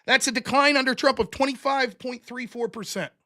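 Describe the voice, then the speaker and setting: A man's voice: extremely high pitch, a little fast, sharp tone. A man hosting a show, delivering a blunt, profane, sarcastic political commentary rant. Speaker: show host.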